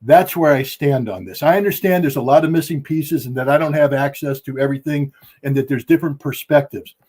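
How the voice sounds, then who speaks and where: A man's voice: fairly high pitch, a little fast, darkish tone. A middle-aged man giving heated, emphatic podcast commentary from home, blunt and impassioned. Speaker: guest commentator. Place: at home with dogs.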